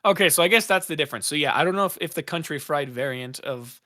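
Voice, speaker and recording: A man's voice: on the high side, lively intonation, fast talker, bright, forceful tone. Casual rambling man hosting a podcast. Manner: rambling, self-correcting questions with frequent fillers. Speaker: podcast host. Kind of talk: casual chat.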